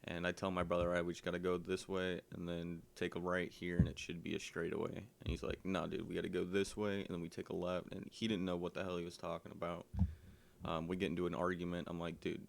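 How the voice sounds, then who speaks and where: Low, flat, gravelly-voiced man telling a story. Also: quick pace. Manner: rambling with frequent ums and likes. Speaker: vlogger telling a personal story. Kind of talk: casual storytelling.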